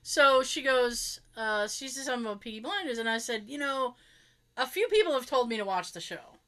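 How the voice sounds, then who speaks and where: A woman in casual chat, talkative and quick to laugh, often restarting her sentences. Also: on the high side, lively intonation, pushed and bright.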